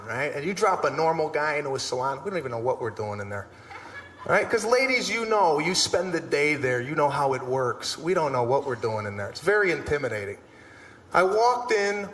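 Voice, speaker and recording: A male stand-up comedian telling animated, exasperated stories, breaking into shouted punchlines. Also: a little high, slight background noise. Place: large live comedy venue. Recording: live stage with hall echo and crowd.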